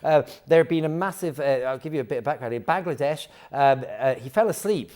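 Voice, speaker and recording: A man in lively comic banter as a guest reading odd news stories, laughing often and breaking into silly impressions. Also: a little high, brisk. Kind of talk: comic chat show banter.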